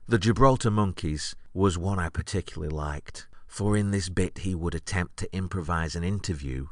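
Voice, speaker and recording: A man hosting a podcast, recounting an anecdote in a wry, deadpan storytelling monologue. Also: sits low, normal speed, dry recording, clean studio sound. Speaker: podcast host.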